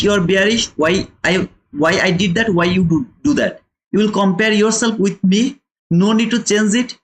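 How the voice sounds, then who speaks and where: A man's voice: high-pitched, a little hiss or hum. A man hosting a live trading lesson, lecturing viewers emphatically and repeating phrases for stress. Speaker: trading educator and channel host.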